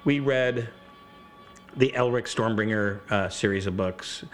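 A man's voice: on the low side, unhurried, faint music behind. A middle-aged man chatting casually as a podcast guest, rambling through gaming stories and acting out quotes. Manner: rambling storyteller, acts out quotes. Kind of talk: casual chat.

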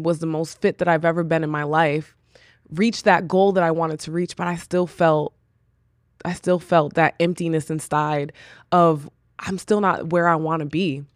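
A woman with a deep voice hosts her own podcast, giving an earnest, personal talk of faith-based encouragement drawn from her own experience. The studio-quality recording has no echo.

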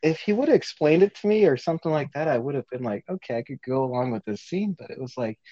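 A man swapping stories in a relaxed chat, swearing freely and laughing between lines. His pitch jumps around a lot. The sound is dry and a bit dull. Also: quick pace, no room sound. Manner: laughing, profane storytelling. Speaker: guest actor. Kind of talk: casual chat.

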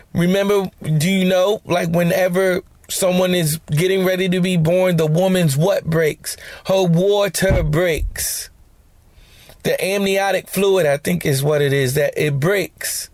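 Male podcast host, casual scripture teacher with a joking edge, slightly high voice, close and dry. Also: steady tone, unhurried, a little mellow, no echo. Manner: conversational, slangy, joking asides.

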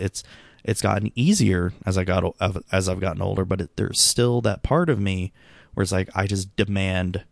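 A middle-aged man with a low, gravelly voice talks through his night in a casual monologue. He sounds tired and subdued, rambling and doubting himself, full of restarts and fillers. The recording is close and dry, with no room sound. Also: dry recording. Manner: rambling, self-critical, many restarts and fillers. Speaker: vlogger.

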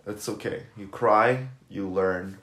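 A man's voice: fairly low pitch, takes it slowly, a bit bright. A young man in casual chat, laid-back and blunt. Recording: echoey room.

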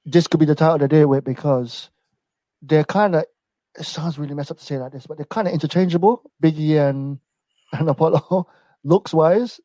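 A young man co-hosting a casual podcast chat, rambling and relaxed, laughing often. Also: fairly high pitch, normal speed, no room sound, low-quality recording. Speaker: wrestling podcast co-host.

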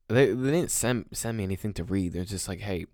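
A man's voice: lowish voice, normal speed, dry recording, studio quality. A young man rambling in a casual, crude and sarcastic monologue to his viewers, mocking himself. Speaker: vlogger.

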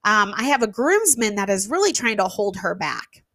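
A woman who runs an event venue tells a casual story, animated and emphatic, with fillers and the odd swear word. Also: medium pitch, moderate pace, no room sound. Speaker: venue owner.

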